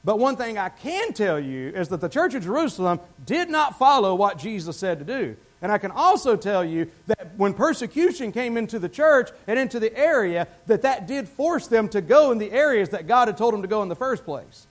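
A man's voice: high voice, sing-song, a little fast, few pauses. A male pastor preaching a sermon in a church, talking conversationally and asking the congregation questions.

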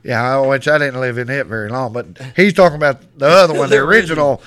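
A man's voice: medium pitch, fast, a bit bright. A man from west Texas with a West Texas accent, telling bawdy, rambling stories on a podcast and laughing often. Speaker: podcast guest. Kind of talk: casual storytelling.

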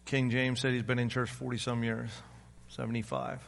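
A man's voice: mid-range voice, level tone, moderate pace, gravelly, big-room sound. A man in his fifties, a pastor preaching an informal, conversational sermon and acting out other people's voices. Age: 50s. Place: church sanctuary.

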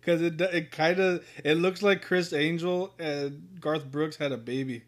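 A man's voice: on the high side, steady tone, a little slow. A man in casual chat as a podcast co-host, swearing freely, laughing often and telling anecdotes.

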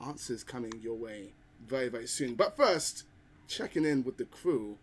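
A male podcast host with a very lively, swooping delivery, reading his introduction with theatrical flair before sliding into teasing, playful chat with the crew. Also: medium pitch, normal speed. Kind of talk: scripted show introduction and casual chat.

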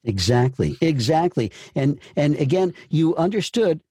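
A man's voice: on the high side, animated, a little slow, mellow, slightly rough, no room sound, studio quality. A man coaching voice actors, talking emphatically and often repeating and restarting his phrases. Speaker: voice acting coach. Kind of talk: coaching session.

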